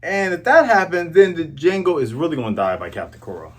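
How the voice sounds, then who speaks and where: Animated, husky-voiced man reviewing comics. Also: fairly high pitch, fairly quick. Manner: animated, excitable, jokey asides. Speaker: host. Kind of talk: casual comic review commentary.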